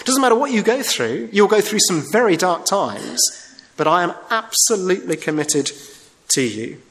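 A male preacher delivers an earnest sermon in a church. His voice is slightly high, and he slows down to lean hard on his key phrases. The words carry through a reverberant hall. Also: big pitch swings, a bit bright.

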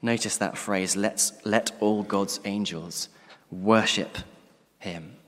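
Male preacher, low-pitched, earnest and emphatic, sermon delivery in a reverberant church hall. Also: fairly even intonation, slow pace, a bit bright. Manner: earnest, emphatic, drops to a near-whisper at ends of phrases. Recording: long reverb of a large hall.

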